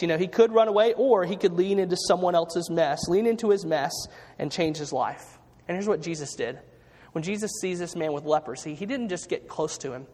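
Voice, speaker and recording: A man preaching a sermon as pastor, earnest and conversational, with frequent fillers and restarts. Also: high voice. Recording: hall reverb.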